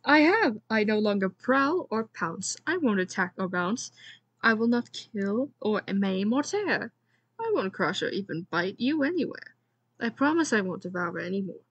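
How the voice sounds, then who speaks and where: A woman voicing a big, ugly, scheming male lizard man in a read-aloud storybook, with theatrical, blustering delivery and a slightly breathy tone. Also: mid-range voice, sing-song, normal speed, dry recording, lo-fi sound. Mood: solemn.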